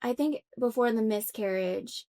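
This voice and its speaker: A woman's voice: a little high, measured pace, mellow. A young adult woman, a podcast guest, earnestly telling a personal story in conversation, reflective and full of fillers and restarts. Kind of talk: conversational interview.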